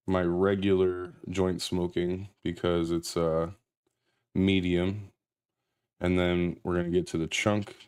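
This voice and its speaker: A man casually chatting on a live stream while reviewing a grinder, loose and rambling, sounding high and a little out of breath. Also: darkish tone, clear, resonant tone. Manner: laid-back, rambling, loose.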